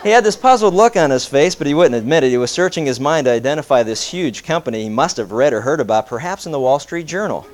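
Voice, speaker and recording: A preacher telling an anecdote in a sermon, animated and voicing both sides of a conversation. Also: male voice, on the high side, quick pace, few pauses, slight background noise. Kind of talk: sermon storytelling.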